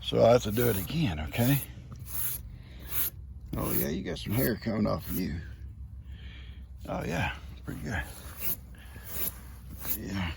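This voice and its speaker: A man's voice: mid-range voice, expressive, measured pace, gravelly, pauses often, a little mellow, a little hiss or hum. A man, chatting and teasing his goats outdoors on a farm in a playful, chuckling way. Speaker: farm video host. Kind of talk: casual talk to his animals.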